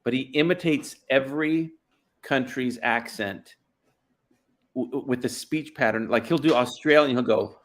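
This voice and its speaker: A man chatting with a friend in an animated, jokey way, often breaking into silly voices. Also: medium pitch, unhurried. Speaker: co-host friend. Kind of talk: casual chat.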